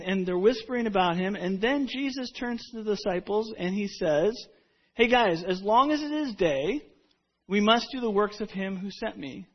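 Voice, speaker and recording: Man, pastor, casual storytelling sermon, high pitch, muffled lo-fi audio. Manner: conversational storytelling preaching with frequent restarts.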